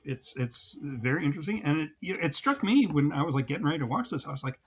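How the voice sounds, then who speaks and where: A man's voice: on the high side, expressive, fast talker, few pauses, slightly rough. A man from New Jersey co-hosting a podcast, chatting casually and laughing easily. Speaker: podcast co-host. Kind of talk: casual chat.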